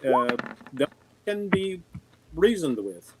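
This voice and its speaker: A man's voice: fairly high pitch, very animated, slow pace, background noise. Formal-speaking male tabletop player. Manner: formal, slightly stilted in-character speech. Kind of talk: in-character tabletop play.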